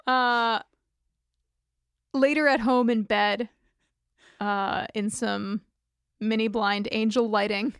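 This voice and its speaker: A woman co-host walks through an episode recap with wry, deadpan jokes. Her voice is a little high and smooth, and it sounds close and dry with no room echo. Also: slow pace, pauses often. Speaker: podcast co-host. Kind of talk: casual episode recap chat.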